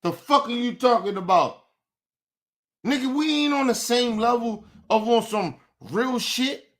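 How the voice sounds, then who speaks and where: A man's voice: very high voice, measured pace, fairly bright tone. Angry man ranting in street slang. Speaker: podcast host. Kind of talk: heated rant to camera.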